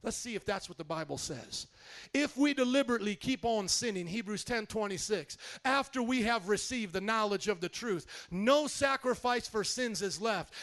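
A man preaching from the pulpit in a strikingly high voice. He drives his points hard, rising to shouts as he presses the congregation. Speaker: pastor. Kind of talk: sermon.

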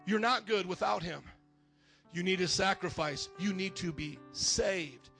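A high-pitched man preaches to a church congregation with lively energy. He acts out the voices he quotes and rises to shouts. Soft music plays faintly behind him. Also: a little fast. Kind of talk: sermon.

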